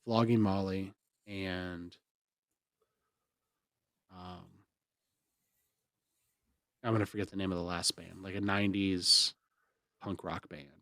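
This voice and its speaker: A man's voice: sits low, flat delivery, slow, long pauses, a bit bright, no echo, studio quality. A young man, co-hosting a podcast and rambling through a story with bursts of laughter. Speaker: podcast co-host. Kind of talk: casual storytelling chat.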